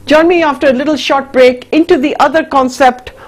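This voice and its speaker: A woman's voice: high-pitched, steady tone, brisk. A woman hosting a cooking demonstration, chatting to viewers as she works. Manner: chatty, addresses viewers as folks. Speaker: cooking show host.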